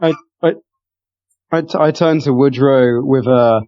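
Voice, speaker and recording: A man's voice: mid-range voice, measured pace, long pauses, darkish tone. A man playing a tabletop game, joking and laughing with the group. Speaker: player. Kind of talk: casual tabletop play. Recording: dull lo-fi mic.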